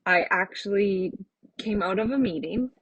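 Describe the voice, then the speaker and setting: Earnest husky-voiced woman. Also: medium pitch, normal speed, fairly bright tone, no echo, rough recording. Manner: earnest, reflective, rambling with fillers. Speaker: podcast host and artist. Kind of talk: casual heartfelt monologue.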